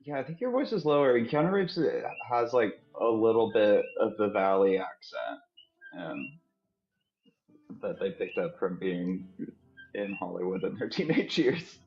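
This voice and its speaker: A man's voice: fairly low pitch, unhurried. A man chatting playfully on a live stream. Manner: animated, playful. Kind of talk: casual live-stream chat. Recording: slightly dull audio with faint music.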